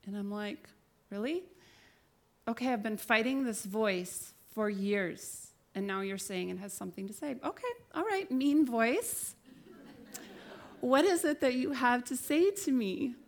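A woman's voice: a little high, lively intonation, measured pace. Candid woman sharing a faith testimony. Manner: candid, self-deprecating storytelling with laughter. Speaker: speaker giving a faith talk. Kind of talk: personal testimony and encouragement.

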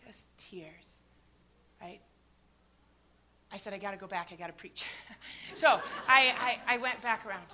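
A middle-aged woman preaching, her voice high and bright with a forceful ring. She acts out her stories, swinging between loud calls and quiet, hushed asides. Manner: animated storytelling, acting out scenes with shouts and hushed asides. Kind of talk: sermon with personal stories.

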